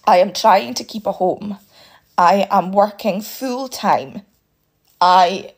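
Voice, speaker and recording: A woman's voice: mid-range voice, slow pace, breathy edge. A British woman, a single parent, venting to camera on a phone about bills, upset and clipping off her swear words. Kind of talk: emotional vent to camera.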